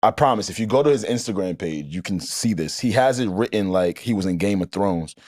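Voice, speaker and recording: Animated, loose-talking male podcast host. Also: deep voice, fairly quick. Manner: laughs hard, swears freely, reads captions aloud. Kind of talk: casual chat.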